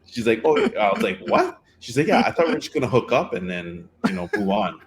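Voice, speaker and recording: Man, middle-aged, low pitch, podcast co-host, rambling chat. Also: very animated, quick pace, slight background noise. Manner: rambling, many fillers and restarts. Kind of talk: casual storytelling chat.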